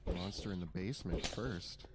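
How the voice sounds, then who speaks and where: A man's voice: sits low, brisk. Casual joking man at a game table. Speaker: player. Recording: loud background noise.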